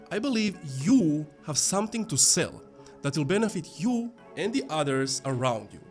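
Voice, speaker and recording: A man's voice: fairly high pitch, sing-song, moderate pace, music in the background. A man hosting a comedic marketing video, joking and acting out game-show bits. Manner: playful, jokey, acts out game-show bits. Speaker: host.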